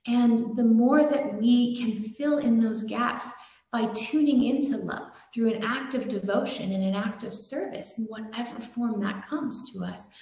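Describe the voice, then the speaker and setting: Gentle woman giving a devotional talk, echoey. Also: fairly high pitch, a little slow, vocal fry. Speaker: satsang speaker. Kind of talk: devotional sermon with storytelling. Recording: very echoey room.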